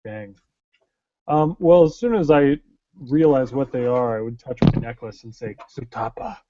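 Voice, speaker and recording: A man playing a tabletop game, speaking quietly and low-key. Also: expressive, moderate pace. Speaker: player. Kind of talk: casual tabletop play. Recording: dull lo-fi sound from a little way off.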